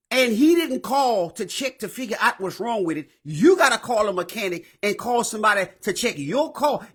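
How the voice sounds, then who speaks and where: A man with a high, bright, ringing voice rants through a straight-talking advice monologue. He is loud and profane, often breaking into shouts. He hosts his own show. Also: slightly rough. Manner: animated, profane, bursts into shouting. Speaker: show host.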